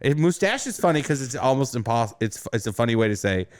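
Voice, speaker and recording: A man co-hosting a comedy podcast, firing off quick teasing questions in casual banter. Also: medium pitch, very animated.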